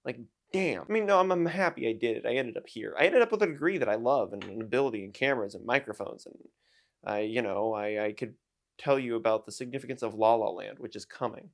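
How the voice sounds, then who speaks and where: A man's voice: mid-range voice, fast talker, creaky. Young man, twenties, casual vlog rant, rambling, self-deprecating jokes. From United States. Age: 20s. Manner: rambling, self-mocking, jokey. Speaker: YouTuber and streamer.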